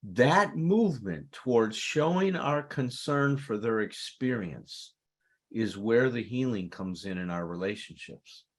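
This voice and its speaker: A man's voice: mid-range voice, expressive, a little slow. A man co-presenting a recovery talk, explaining amends in an earnest, conversational teaching manner. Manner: earnest, acts out insincere apologies animatedly.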